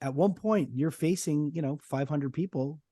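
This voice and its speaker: A man's voice: a little high, normal speed, warm tone, no echo. A man from the Montreal area hosting a podcast interview, talking casually with lots of fillers and restarts. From Montreal area, Canada. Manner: rambling, hesitant, many fillers. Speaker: podcast host.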